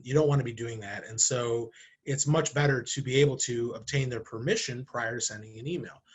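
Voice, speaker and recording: Speaking to camera in a talking-head marketing video, a marketing director uses a husky, medium-pitched voice. His tone is conversational, and he poses rhetorical questions and acts out short examples.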